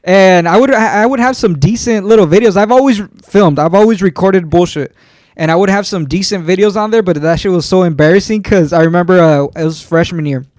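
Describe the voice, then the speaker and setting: A man's voice: sits high, fairly quick, a little mellow, no room sound, clean studio sound. A man in his twenties co-hosting a podcast, telling stories in loose, profane casual talk. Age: 20s. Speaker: podcast co-host. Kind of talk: casual chat.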